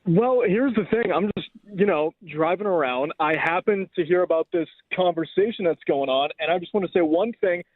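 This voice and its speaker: An American man on a tinny, dry phone line, calling in from his car. His voice is quite high, and he keeps up a jokey, mock-indignant tone. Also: a little fast, no echo. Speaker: show regular calling in.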